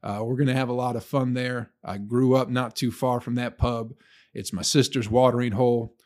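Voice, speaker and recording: Speaking at medium pitch with little pitch movement, a moderate pace and a slightly mellow quality, a stand-up comic laughs along with his own stories in a loose, profane solo podcast.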